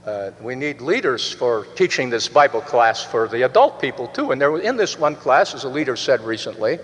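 A man's voice: big pitch swings, moderate pace. Older male preacher in a reverberant hall. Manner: earnest, rambling with restarts, pitch rising and falling widely. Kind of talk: sermon.

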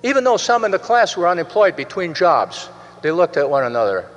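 A man's voice: sing-song, a little fast. Older male preacher in a reverberant hall. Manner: earnest, rambling with restarts, pitch rising and falling widely. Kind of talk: sermon.

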